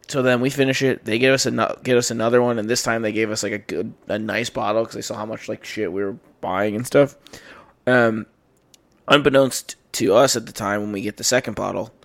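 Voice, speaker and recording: A man's voice: lowish voice, creaky. A young man hosting a podcast, telling a long drunken story in a rambling, profane way, full of fillers and acted-out quotes. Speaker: podcast host. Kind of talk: casual storytelling chat.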